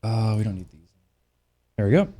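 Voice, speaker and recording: A man's voice: on the low side, expressive, a little fast, mellow, slight background noise. A man streaming a flight simulator, trading loose, profane banter with his chat and making short radio calls to teammates.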